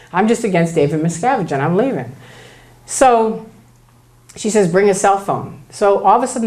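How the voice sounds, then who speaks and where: A middle-aged woman telling a personal story to an audience at a talk, animatedly acting out the dialogue she quotes. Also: mid-range voice. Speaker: speaker at a talk. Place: event room before an audience.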